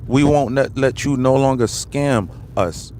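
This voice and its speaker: An American man hosts a political livestream with a heated, ranting delivery. He hammers the same lines over and over, throws out rhetorical questions, and breaks off to speak straight to the people in his comment section. His pitch sits in the middle range for a man. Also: measured pace, darkish tone, a little hiss or hum. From United States. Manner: addresses viewers and the comment section directly. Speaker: livestream host.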